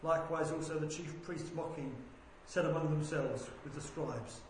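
A man reading a Bible passage aloud in a measured, deliberate way, lifting his voice for quoted speech. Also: a little high. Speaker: scripture reader. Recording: very echoey room with faint background noise.

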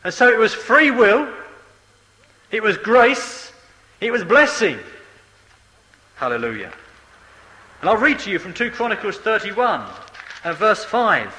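A man's voice: high-pitched, very animated, unhurried, pauses often, pushed and bright. A man preaching a sermon in a hall, emphatic and repeating key phrases for effect. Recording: echoey hall with long reverb.

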